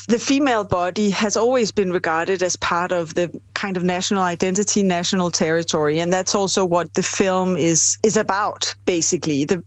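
A middle-aged woman from Denmark, a film director answering interview questions in a thoughtful, measured way. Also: on the low side, dry recording. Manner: thoughtful, measured, with some fillers.

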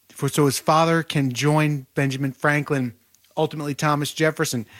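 A man being interviewed as an author, telling a historical story in vivid, detailed bursts. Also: mid-range voice. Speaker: author guest. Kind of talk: podcast interview.

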